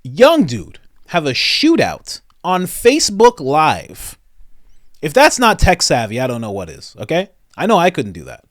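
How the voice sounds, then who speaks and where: A man doing comedic reaction commentary, animated and mock-incredulous, often breaking into laughter. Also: mid-range voice, dry recording, studio quality. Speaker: commentary host.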